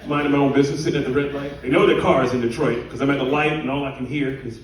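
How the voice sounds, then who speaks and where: A man performing a stand-up comedy routine on stage, telling stories in an animated way. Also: medium pitch, very fast. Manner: animated storytelling with laughter. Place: cruise ship theater, live audience. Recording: echoey room from far off, audience noise.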